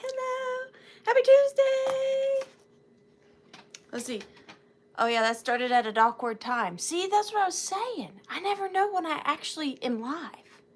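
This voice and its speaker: Woman, high voice, very animated pitch, casual live-stream host, chatty, self-deprecating, greets viewers by name. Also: normal speed, a little hiss or hum. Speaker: host of an antique and vintage live sale.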